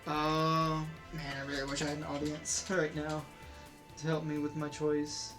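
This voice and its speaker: A game streamer with a mid-range, slightly slow voice provides casual let's-play commentary, chatty and excitable as she thinks aloud while playing. Faint game music plays in the background.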